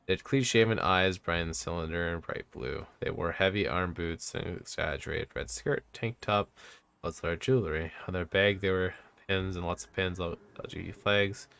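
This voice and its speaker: A man's voice: deep voice, vocal fry, fairly bright tone, clear, resonant tone. A man streaming himself as he reads a narrative game aloud, stumbling now and then and breaking off to comment. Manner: halting reading with stumbles and asides.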